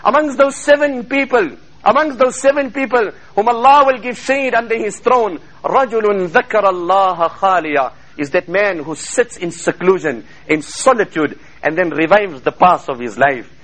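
A man preaching a fervent sermon to a congregation, quoting Arabic in rapid chanted bursts. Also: high voice, animated, fairly bright tone, low-quality recording. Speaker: Islamic preacher.

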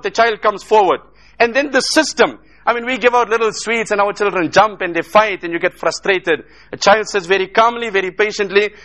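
A man's voice: high voice, fairly bright tone. A man from South Africa giving an emotional sermon, telling stories in repetitive rhetorical phrases mixed with Arabic. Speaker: Islamic speaker.

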